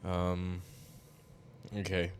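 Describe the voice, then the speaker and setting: A man's voice: low voice, monotone, extremely slow, smooth. A young adult man hosting a reaction commentary, talking bluntly and mockingly, with frequent swearing. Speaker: commentary host.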